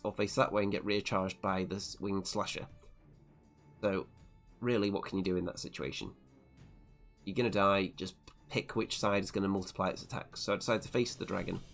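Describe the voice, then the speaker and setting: A man with a somewhat low voice talks through a tabletop wargame battle report, move by move. His manner is wry and self-deprecating as he sums up each turn. Soft music plays faintly underneath. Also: gravelly. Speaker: tabletop wargame channel host. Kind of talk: narrated tournament battle report.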